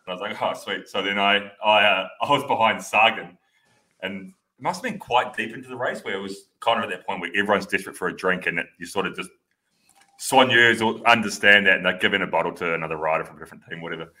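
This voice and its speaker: A man co-hosting a podcast, telling an anecdote in an animated, casual way. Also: on the low side, fast talker. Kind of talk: casual chat.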